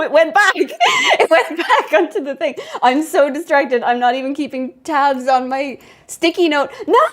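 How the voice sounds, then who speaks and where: A woman game streamer chatting casually to her viewers, scatterbrained and laughing often as she thanks members. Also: sits high. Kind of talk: casual live-stream chat.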